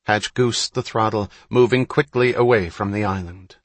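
A man reading an audiobook in a measured, unhurried storytelling manner. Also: lowish voice, no room sound. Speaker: audiobook narrator. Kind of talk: scripted narration.

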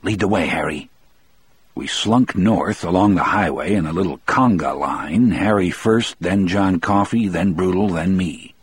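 A man reading a first-person story aloud in a measured, steady storytelling manner. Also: low voice, breathy edge, dry recording. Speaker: narrator.

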